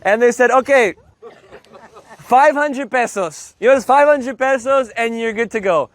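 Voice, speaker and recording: A man from Canada teaching a live Spanish class, telling a story in a playful, animated way and acting out the voices. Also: very high-pitched, unhurried. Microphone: loudspeaker mic.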